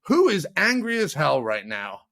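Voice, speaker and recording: A man's voice: on the high side, huge pitch swings, normal speed, creaky, fairly bright tone, no echo, clean studio sound. A man hosting a podcast in casual chat, joking and launching into mock rants. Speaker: podcast host.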